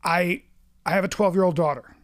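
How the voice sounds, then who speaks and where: A man in his forties, chatting casually and telling animated, profane stories, acting out quotes. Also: high-pitched, brisk. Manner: animated, swears a lot, acts out quotes. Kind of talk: casual chat, storytelling.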